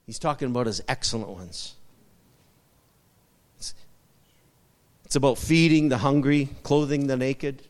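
A man's voice: medium pitch, unhurried, pauses often, in a large hall. A male pastor preaching a sermon, repeating short emphatic phrases and asking the congregation for amens.

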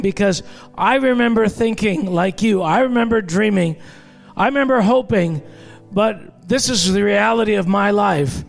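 Male pastor, sermon, very high pitch, conversational, joking asides. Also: gravelly.

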